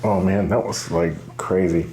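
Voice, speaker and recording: A man's voice: sits low, steady tone, moderate pace, mellow, reverberant, slight background noise. A man in his forties, a patient, talking casually and reflectively with frequent laughs. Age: 40s. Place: treatment room.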